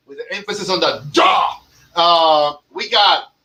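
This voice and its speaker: Unhurried and fairly high-pitched, this man's voice sounds pushed and bright as he hosts a podcast. Casual comedic chat is his mode: brash, profane jokes and teasing of his co-hosts. He comes across a bit far from the microphone.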